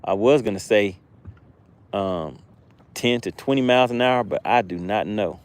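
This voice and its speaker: This excitable man is streaming live fishing from a boat on a blustery lake, addressing his viewers and saying things over again. His voice is fairly low and his pace unhurried.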